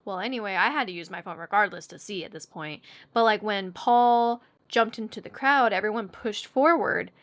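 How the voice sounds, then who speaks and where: A young woman, hosting a podcast and telling a story in a chatty, animated way, squeaking when she acts out quotes. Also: normal speed. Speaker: podcast host. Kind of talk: casual storytelling monologue.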